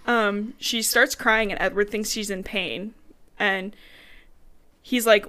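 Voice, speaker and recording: A young woman co-hosting a podcast, recapping a book in casual chat, animated and swearing, acting out characters' lines in her own voice. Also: mid-range voice, normal speed. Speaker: podcast co-host.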